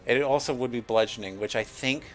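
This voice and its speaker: A man running a tabletop game over a voice call, halting and repeating himself as he makes rulings. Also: medium pitch, soft background music. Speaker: game master. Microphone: voice chat call.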